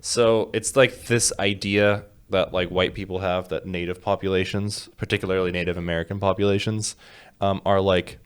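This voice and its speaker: A man's voice: low-pitched, steady tone, normal speed, clean tone. A man in casual podcast chat, rambling through an explanation with frequent restarts and laughs. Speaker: podcast co-host.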